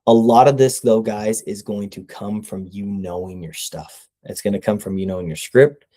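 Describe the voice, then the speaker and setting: A man's voice: on the low side, steady tone, normal speed, mellow. A young man giving casual sales coaching, talking conversationally and often checking in with "right?". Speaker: sales trainer.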